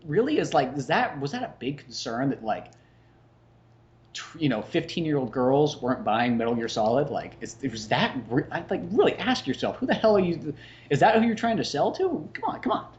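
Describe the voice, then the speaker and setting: A man's voice: a little high, sing-song, moderate pace, muffled recording. A young man hosting a podcast in casual chat, rambling and swearing freely. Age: young adult. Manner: rambling, swears freely, slips into mocking voices. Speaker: podcast host.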